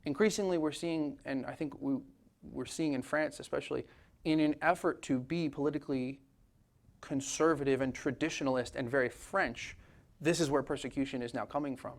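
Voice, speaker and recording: A man preaching a sermon as pastor, talking in a conversational, animated way with casual asides. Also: mid-range voice, a little fast. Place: church sanctuary.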